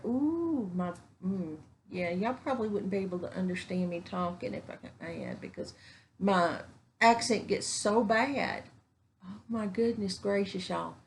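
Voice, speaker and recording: A woman's voice: on the low side, slight background noise. A woman talking casually and earnestly to her camera, rambling and folksy, repeating things for emphasis. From Texas. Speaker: vlogger. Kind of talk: casual heartfelt talk to camera. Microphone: camera mic.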